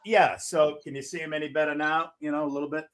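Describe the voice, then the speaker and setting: Excitable, loud middle-aged man with a high, bright voice, hosting a rambling stream. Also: fast talker. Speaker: livestream host. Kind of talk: rambling casual chat. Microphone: no headphones.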